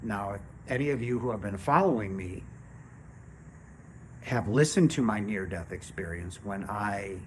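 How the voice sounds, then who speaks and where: Man in his fifties, lowish voice, casual spiritual monologue, earnest, keeps checking in with listeners; faint noise behind. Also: animated, moderate pace. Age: 50s. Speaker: spiritual channel host.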